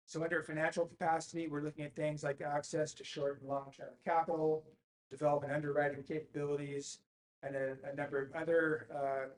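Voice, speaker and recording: A man giving a presentation at a city council meeting, speaking in a measured way with frequent fillers and restarts. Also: a little high. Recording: echoey council chamber.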